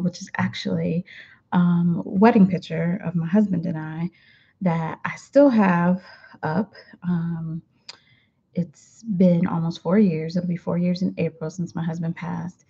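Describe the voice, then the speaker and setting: A woman's voice: on the low side, vocal fry, breathy edge. A middle-aged woman hosting a weekly affirmation talk, chatting casually to the camera from her home with many fillers. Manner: warm-hearted, chatty, many fillers, laughs easily. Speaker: host of a weekly affirmation show. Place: home room. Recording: dull lo-fi recording.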